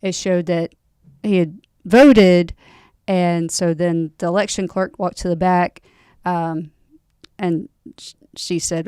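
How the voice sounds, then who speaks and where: Woman, mid pitch, crystal-clear voice, conversational co-host. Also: fairly even intonation, darkish tone, no echo, studio quality. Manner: chatty, quick to chime in with agreement. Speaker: poll watcher recounting experiences. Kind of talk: casual storytelling chat.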